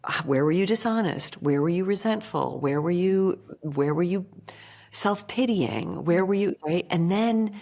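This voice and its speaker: A woman with a low voice is a guest on a casual podcast. She tells stories with animation and acts out the voices she quotes. Her talk is full of "like". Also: measured pace. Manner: animated storyteller who acts out quoted voices, heavy use of "like".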